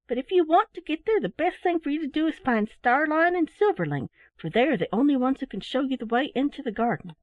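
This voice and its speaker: A woman voicing a hushed, gentle fairy. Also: high voice, animated, a little fast, few pauses, no echo, pitched above the performer's own voice. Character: gentle female fairy, calm and mysterious. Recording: dry, phone-like narrow sound.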